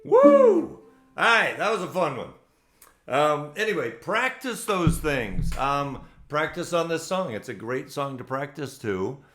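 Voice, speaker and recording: A man's voice: fairly high pitch, expressive, a little slow, bright, forceful tone, faint music behind. A man hosting an online ukulele play-along, signing off casually in a loose, rambling way with many ums. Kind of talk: casual sign-off to online viewers.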